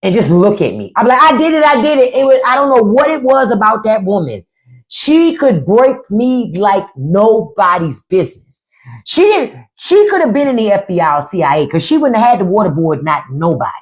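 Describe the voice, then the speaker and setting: A middle-aged woman with a mid-range voice hosts a live stream at a moderate pace. She tells stories casually and profanely, animating them by acting out quotes.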